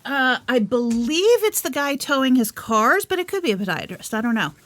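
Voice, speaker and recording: A woman's voice: high-pitched, sing-song, moderate pace, fairly bright tone. Dry-humored woman co-host. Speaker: podcast co-host. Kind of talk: casual chat.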